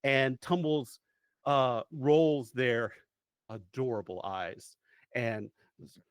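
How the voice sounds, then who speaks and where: A man's voice: mid-range voice, fairly even intonation, takes it slowly, pauses often, clean tone, no room sound, clean studio sound. A man running a tabletop role-playing game as game master, narrating playfully with frequent restarts.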